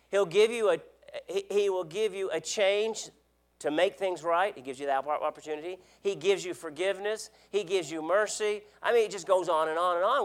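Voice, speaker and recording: A man preaching a sermon as an elder, earnest, repeating words and asking the congregation questions. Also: high-pitched. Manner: swings between loud emphasis and quiet drops.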